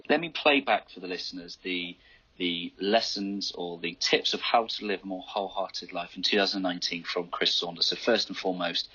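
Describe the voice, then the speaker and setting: Deep husky podcast host. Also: male voice, sharp tone, dull audio. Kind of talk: podcast interview.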